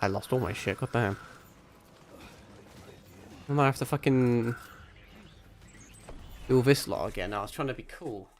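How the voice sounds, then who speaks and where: A man's voice: medium pitch, unhurried, long pauses, a little hiss or hum. A young man streaming a shooter game, rambling and swearing casually as he plays. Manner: sweary, rambling, self-mocking. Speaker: vtuber streamer. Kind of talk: casual gaming stream commentary.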